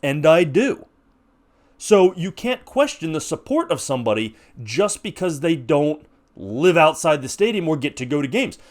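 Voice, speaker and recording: A man's voice: fairly high pitch, very animated, moderate pace. An American man in his forties, hosting a podcast and making an impassioned, rhetorical argument with frequent restarts. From United States. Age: 40s. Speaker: podcast host. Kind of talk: opinionated monologue.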